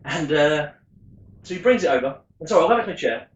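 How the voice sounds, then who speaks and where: Man hosting a rum vlog, chatty storyteller, fairly high voice, echoey room. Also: expressive, fast, lo-fi sound. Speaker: rum vlogger. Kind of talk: casual tasting vlog storytelling.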